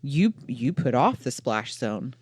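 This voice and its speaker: A woman's voice: a bass voice, big pitch swings, slow, a little mellow, breathy edge, no echo. Thoughtful woman cohost mulling stuff over, kinda wry, dry mic. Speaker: podcast co-host. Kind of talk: casual faith chat.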